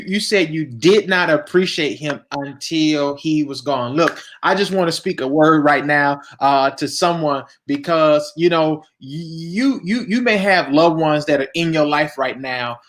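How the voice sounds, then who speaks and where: A pastor hosting an interview speaks in a somewhat high male voice. He affirms his guest warmly in words and often stumbles over repeated words as he builds his questions. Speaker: pastor and host.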